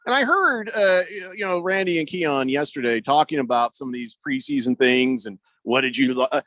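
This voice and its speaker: A man's voice: mid-range voice, animated, normal speed, sharp tone, no echo. A man hosting a sports radio show, reading listener texts aloud with wry jokes in casual banter. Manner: wry, joking, reads messages aloud. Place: radio studio. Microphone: studio microphone.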